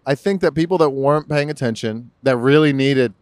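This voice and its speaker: A man co-hosting a casual podcast, swearing freely and rambling from point to point. His voice sits at an ordinary pitch, and the recording is dry and close, with no room sound. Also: a little fast, smooth, no echo. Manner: profane, rambling, animated. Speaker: podcast co-host. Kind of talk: casual political chat.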